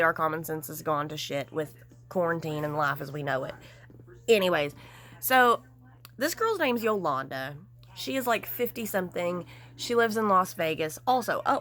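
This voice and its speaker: A woman vlogger giving casual, gossipy commentary, animated and frank with some mild swearing. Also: on the low side.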